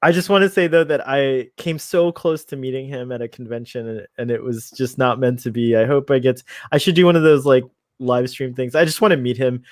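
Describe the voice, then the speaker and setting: A man's voice: medium pitch, steady tone, fairly quick, few pauses, no echo, clean studio sound. A man hosting a casual live-stream chat, talking like an eager fan who laughs often. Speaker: show host.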